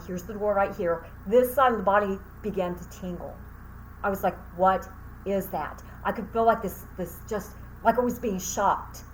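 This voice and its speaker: A woman's voice: medium pitch, a little hiss or hum, rough recording. A woman who teaches Reiki and hosts her own channel, telling a story casually to the camera with lots of fillers and thank-yous.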